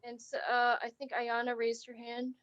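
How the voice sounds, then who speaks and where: Higher-pitched woman teaching a remote class. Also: monotone, moderate pace, a bit bright, poor audio. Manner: encouraging, questioning students, reading text aloud. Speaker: arts teaching artist. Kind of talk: remote class demonstration, reading a picture book aloud. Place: video call lesson.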